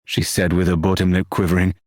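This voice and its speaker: A man narrating an audiobook novel in a measured, expressive reading. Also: sits low, no room sound, studio quality.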